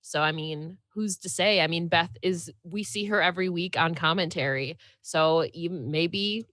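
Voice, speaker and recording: A woman's voice: on the low side, normal speed, a bit bright, no room sound. Upbeat woman guest, dry mic. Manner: laughs easily, upbeat. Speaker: guest podcast host. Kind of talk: casual podcast chat.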